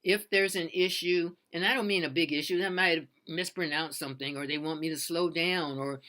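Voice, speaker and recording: Casting: bright, forceful-toned freelancer, rambling tutorial advice, earnest and unpolished. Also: mid-range voice, steady tone, fairly quick. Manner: earnest, loose and repetitive, with many restarts. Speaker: freelance voiceover artist. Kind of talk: casual how-to advice talk.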